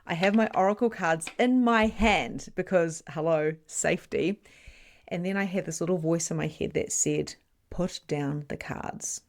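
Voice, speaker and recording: Woman host, medium and spiritual teacher, fairly low voice, casual chatty storytelling with playful asides. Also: normal speed.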